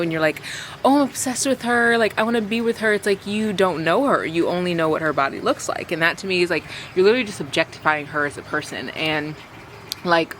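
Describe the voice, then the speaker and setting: A woman's voice: deep voice, a bit bright, a little hiss or hum. A young woman vlogging about books in a casual, chatty way, full of fillers. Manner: chatty, filler-heavy, reads dialogue aloud. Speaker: book vlogger.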